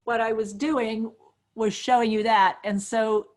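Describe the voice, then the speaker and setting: A woman teaching a webinar on dementia care, talking over a video call with a lively, demonstrative manner. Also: on the high side, a little slow. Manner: lively, demonstrative, acts out examples. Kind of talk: webinar presentation.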